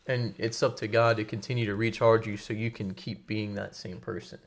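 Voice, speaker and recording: A young man with a somewhat low voice, talking in a relaxed, encouraging way. He loops back over his words as he builds an analogy, like a casual sermon. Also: a little fast. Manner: encouraging, preachy, repeats himself. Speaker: podcast co-host. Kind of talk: casual faith conversation.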